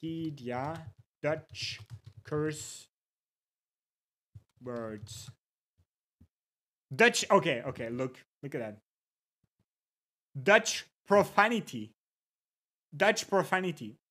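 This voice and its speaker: Over a desk microphone, a livestreamer with a medium-pitched voice chats casually at a relaxed, drawn-out pace. Between musings they read chat aloud and greet viewers by name, repeating funny words just to savor them.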